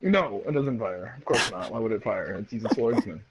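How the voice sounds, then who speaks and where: Husky, playful young man. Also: fairly low pitch, animated, moderate pace. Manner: playful, goofy. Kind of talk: casual chat while gaming. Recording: dull lo-fi sound.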